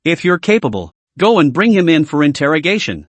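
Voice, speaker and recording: A man reads out a gloating captured male prisoner, his taunts rising and falling in lively swings. The voice sits a little high and dry, close to the mic, in a storybook recap. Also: brisk, dry recording. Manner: taunting, then fearful.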